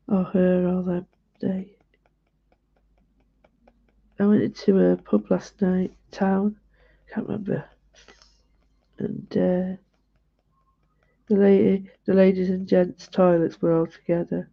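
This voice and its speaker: A woman's voice: on the low side, flat delivery, slow pace, creaky, long pauses. A woman chatting in a homely, rambling way as she draws live, talking viewers through her work. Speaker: artist streaming a live drawing session. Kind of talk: chatty commentary while drawing. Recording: dull lo-fi livestream audio.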